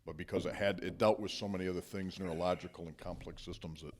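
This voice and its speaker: A man hosting a podcast interview, explaining ideas in a measured way. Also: sits low, steady tone, a little mellow, slight background noise. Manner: measured, explanatory, gives short listening murmurs. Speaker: podcast host, psychologist. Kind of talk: conversational interview.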